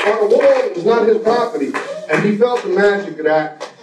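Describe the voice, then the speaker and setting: A man's voice: high voice, expressive, fairly quick, background noise. A man in his forties telling a loose, profane story on stage in a laid-back street manner. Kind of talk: live comic storytelling. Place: stage before a laughing audience. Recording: echoey room from a distant mic. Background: crowd laughter.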